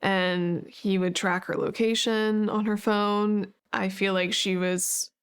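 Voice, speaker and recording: A woman roommate recounting what she saw in a quick, matter-of-fact interview. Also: medium pitch, flat delivery, smooth. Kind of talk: interview testimony.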